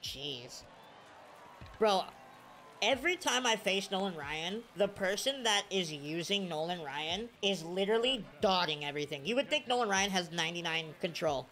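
Excitable young man with a lively voice. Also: sits high, moderate pace, soft background music. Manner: excitable, swings from mutters to shouts. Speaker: gaming video creator. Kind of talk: live gameplay commentary.

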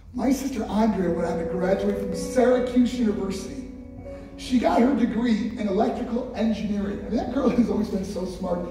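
In a large hall with an audience, a man with a high-pitched, mellow voice delivers a motivational speech to a school assembly, telling his story with emphasis and addressing the crowd directly. The echoey hall is recorded from far off, with a little hiss or hum.

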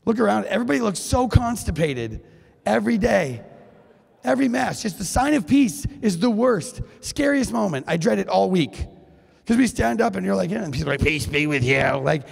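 Animated man giving a keynote in a hall. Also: high voice, moderate pace, creaky, slightly rough. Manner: animated, jokey, acts out quotes. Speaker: keynote speaker. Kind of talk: conference keynote talk. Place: high school venue. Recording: long hall reverb.

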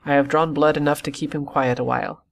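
A man reading the part of a stern, brisk country doctor who scolds with crisp authority. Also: a little high, flat delivery. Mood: firm.

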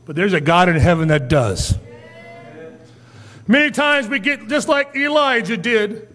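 A man, a pastor, preaching a sermon in a church, swinging between quiet asides and loud, rising appeals and acting out whiny quotes. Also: sits high, very animated, unhurried, long reverb tail. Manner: preaching with sudden rises and drops in loudness, acting out whiny quotes. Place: church sanctuary.

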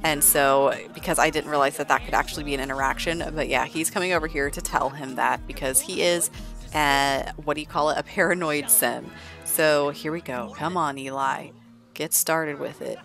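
A woman's voice: low-pitched, fairly even intonation, moderate pace, fairly bright tone, soft background music. A woman narrating a life-sim game in casual, chatty commentary, full of "like". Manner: chatty, heavy use of "like". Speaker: let's play narrator.

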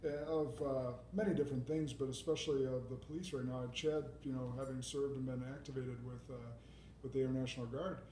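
Man, casual hesitant host talk, mid pitch, echoey room, faint background rumble. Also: fairly even intonation, brisk, mellow. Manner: casual, hesitant, many fillers. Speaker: podcast host.

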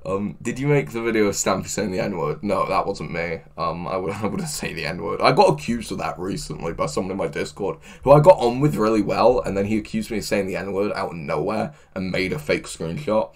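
A man chatting casually on a livestream, excitable, laughing often and swearing a lot. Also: low voice, brisk, few pauses. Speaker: livestreamer reading chat.

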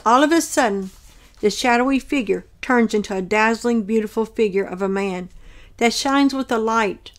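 A woman narrating her own religious dream as a testimony, reading in an earnest, measured way. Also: on the high side.

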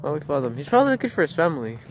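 A man's voice: a little high, very animated, rapid-fire, noisy background. A man vlogging casually outdoors near a street, chatting and talking in playful baby talk to a dog. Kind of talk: casual vlog chat.

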